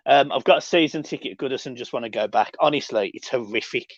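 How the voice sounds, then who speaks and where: A man hosting a casual live stream, reading and answering chat with sweary, excitable banter. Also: mid-range voice, fast talker, dry recording. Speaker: livestream host reading chat. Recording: dull lo-fi dry sound.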